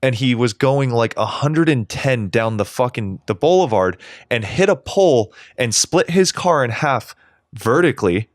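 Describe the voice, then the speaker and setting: A man's voice: mid-range voice, animated, moderate pace, no room sound. Man, podcast co-host, casual chat, heated, rambling, swearing, dry recording.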